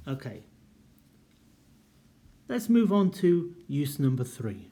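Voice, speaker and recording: A man teaching an academic writing class, speaking clearly and deliberately and reading example sentences aloud with marked intonation. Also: a little high, big pitch swings, warm tone. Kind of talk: recorded lecture.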